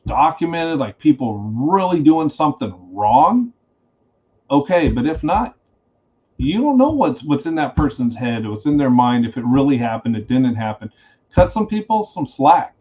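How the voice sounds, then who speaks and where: A man who is a guest on a casual podcast, a reptile breeder speaking in a blunt, animated way. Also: mid-range voice, moderate pace. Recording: slightly dull lo-fi sound.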